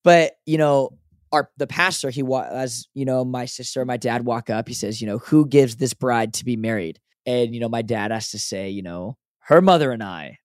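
A young adult man co-hosting a podcast, telling animated stories and saying "dude" a lot. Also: medium pitch, normal speed, dry recording, studio quality. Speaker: podcast co-host. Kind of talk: casual chat.

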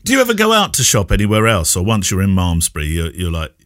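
A man's voice: deep voice, wildly swooping pitch, fast talker, a bit bright. A man hosting a podcast, joking with his co-host and reading listener mail aloud. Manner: teasing, laughs often.

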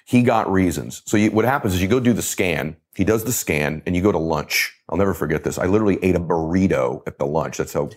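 A man's voice: low voice, fast talker, hardly any pauses. A man in his forties, a guest on a podcast interview, telling a personal story with emphatic repetition and vivid storytelling. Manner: emphatic, repeats phrases for effect. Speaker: guest, motivational speaker.

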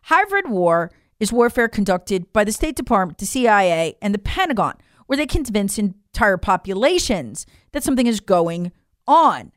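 A woman's voice: mid-range voice, big pitch swings, moderate pace, no echo, clean studio sound. An American woman giving emphatic, incredulous opinion commentary, leaning on rhetorical questions. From United States. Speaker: political commentator.

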